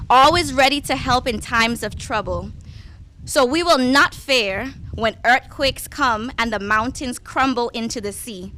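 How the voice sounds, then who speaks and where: Woman reader for a memorial service, unhurried and prayerful, clear bright tone. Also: on the high side. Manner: measured and prayerful. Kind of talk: slow scripture reading.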